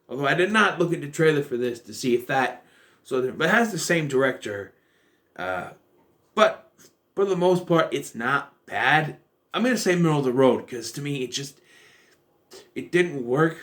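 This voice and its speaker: A man's voice: fairly high pitch, expressive, moderate pace, a bit bright. A young man rambling through a casual film review, often correcting himself and acting out lines from the movie. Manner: rambling, self-correcting, acts out quoted lines.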